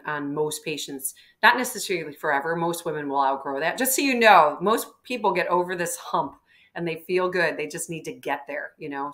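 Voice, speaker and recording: A woman doctor with a low voice gives advice on a live webinar, talking in an animated, hands-on way. She clears her throat now and then, over a video call. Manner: animated, acting out patients' words, frequent throat clearing. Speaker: physician guest.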